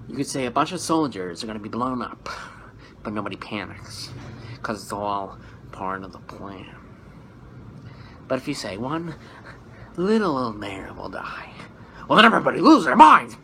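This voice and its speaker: A man impersonating an unhinged male comic-book villain in a low hissing half-whisper with sudden manic outbursts. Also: very animated, moderate pace, pauses often, pushed and bright, rough recording. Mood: menacing.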